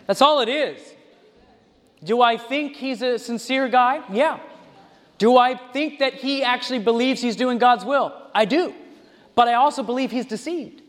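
A man preaching a sermon, animated, with mocking asides and mimicry. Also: very high-pitched, measured pace. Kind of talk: sermon with impressions and sung examples. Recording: long hall reverb.

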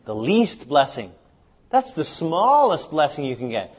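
Man, sermon, husky voice, a touch high, rhetorical questions to the audience. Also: huge pitch swings, unhurried. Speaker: seminar speaker. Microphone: live seminar recording.

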